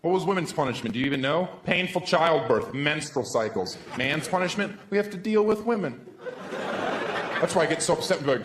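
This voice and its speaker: A man in his thirties performing a stand-up comedy set on stage with a handheld mic, sarcastic, with deadpan asides. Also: on the high side, a little fast. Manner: sarcastic, deadpan asides, swoops into silly voices. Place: comedy stage before a live audience. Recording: echoey room, crowd laughter, background noise.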